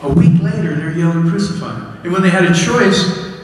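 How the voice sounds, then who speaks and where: A man preaches in a big echoing hall, his voice a touch high and heard from some way off the mic. He tells candid, self-mocking stories and pushes his voice up for the big points. Faint room noise sits underneath. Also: fairly quick. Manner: candid storytelling with frequent self-deprecating laughs; rises high and loud for emphasis. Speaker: pastor. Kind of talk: sermon. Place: church sanctuary. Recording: echoey hall, voice from far off.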